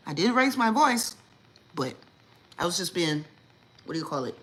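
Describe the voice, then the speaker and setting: A woman, hosting a casual livestream chat and telling stories in a lively, indignant way, acting out what people said. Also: fairly low pitch, moderate pace, long pauses, poor audio. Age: 40s. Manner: animated storytelling, acts out quotes, lively and indignant. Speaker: livestream host.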